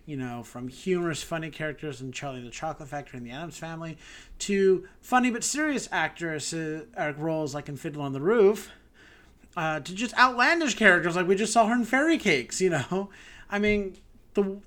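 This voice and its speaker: A man's voice: on the high side, expressive, a little fast, a bit bright. A man co-hosting a podcast, chatting casually and gushing with enthusiasm. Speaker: podcast co-host.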